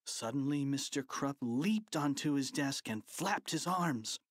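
A playful, expressive narrator reading a children's audiobook. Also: mid-range voice, measured pace, no echo, clean studio sound.

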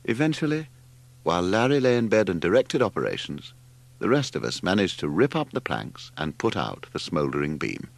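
A man narrating an audiobook, his low voice gravelly and expressive. His pitch swoops widely as he tells the story with animated, theatrical flair. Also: normal speed. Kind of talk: scripted narration.

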